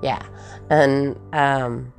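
A woman's voice: very deep voice, fairly even intonation, drawn-out words, creaky, soft background music. A woman thinking aloud in a reflective personal monologue, with many fillers and questions to herself.

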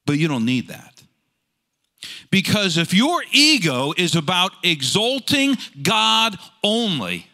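Lively, bright-voiced male pastor preaching. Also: fairly high pitch. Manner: animated storytelling, rhetorical questions. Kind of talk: sermon.

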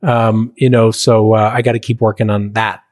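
A man's voice: fairly low pitch, moderate pace. A middle-aged man, a filmmaker and interview guest, talking casually and telling stories with lots of fillers. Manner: animated storyteller, acts out quotes. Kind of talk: conversational interview.

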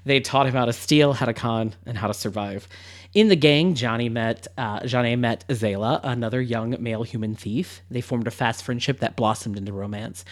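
A man hosting a podcast, chatting casually and reading a story aloud with playful asides and frequent laughs. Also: mid-range voice. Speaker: podcast host.

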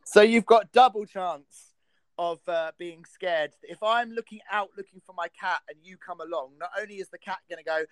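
A woman's voice: lowish voice, normal speed, dry recording. A woman hosting a comedy radio show, chatting playfully and giggling through silly stories. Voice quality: giggly, goofy, animated storyteller.

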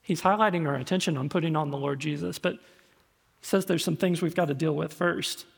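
A man's voice: a little high, fairly quick, gravelly, breathy edge. A male pastor preaching a sermon in a conversational, storytelling way, often repeating words. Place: church sanctuary. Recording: echoey hall reverb.

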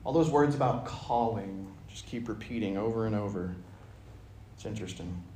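A man's voice: on the low side, normal speed, mellow, slight background noise. A man teaching a casual Bible study, enthusiastic and chatty, often acting out scripture lines. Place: church meeting room. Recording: roomy room sound.

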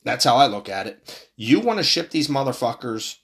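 Brief: a fuming male commentator who swears and trips over his words, voice neither high nor low. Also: sing-song, normal speed, a bit bright. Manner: heated, swearing, repeats himself. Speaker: political commentator. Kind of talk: angry profane political rant.

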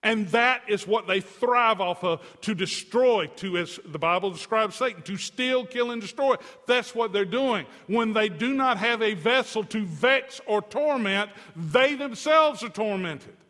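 A man preaching a sermon as a pastor, animated, swinging his pitch and loudness up and down, with asides to the congregation. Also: unhurried, hardly any pauses. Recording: long hall reverb.

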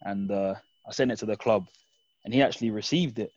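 A man's voice: lowish voice, a little fast, a little mellow, no echo, dull audio. A young man, chatting candidly and reflectively with fillers on a podcast. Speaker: podcast guest fan. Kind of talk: casual chat.

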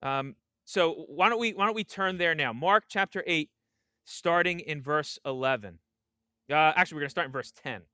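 High bright-voiced man preaching earnestly. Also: normal speed, no echo, clean studio sound. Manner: earnest, emphatic preaching with frequent restarts and "right?" asides. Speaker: pastor. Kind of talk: sermon.

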